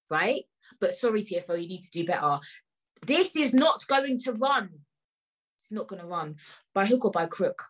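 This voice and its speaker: A woman rants on her own podcast, tired and upset. Her voice is husky and her pitch sits in a middle range. She talks in slang and circles back to the same phrases again and again. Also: a bit bright, low-quality recording. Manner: heated, repeats phrases, slangy. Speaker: podcast host. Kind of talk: angry ranting monologue.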